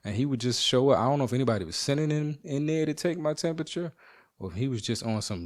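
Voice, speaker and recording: A man hosting a podcast at home, telling a rambling, animated, profane story in casual talk. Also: mid-range voice, fast. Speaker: podcast host.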